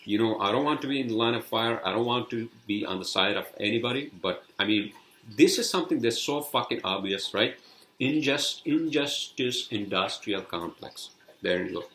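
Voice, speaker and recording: Low-voiced man ranting angrily. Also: brisk, a bit bright, echoey room. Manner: angry, profane, rambling. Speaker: podcast host. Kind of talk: solo podcast rant.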